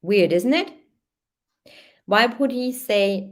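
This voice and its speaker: A woman's voice: fairly low pitch, expressive, slow pace, a little mellow. A woman hosting a true crime channel, reading a case timeline aloud and adding hesitant comments with many fillers.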